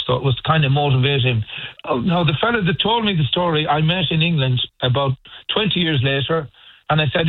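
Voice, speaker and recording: Over a tinny phone line, a middle-aged Irishman from a band gives a phone interview, his voice slightly high, animated and a bit fast. The recording is dry, and his chat wanders in a storytelling way, full of hesitant restarts.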